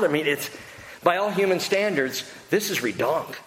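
A middle-aged man preaching a sermon as pastor, conversational and animated, laughing easily and acting out voices. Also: fairly high pitch, moderate pace. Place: church hall. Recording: echoey hall with faint noise.

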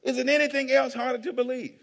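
A man preaching a sermon as pastor, animated, acting out voices and swinging between hushed asides and shouts. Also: extremely high pitch, fast talker. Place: church hall with long reverb. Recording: reverberant hall.

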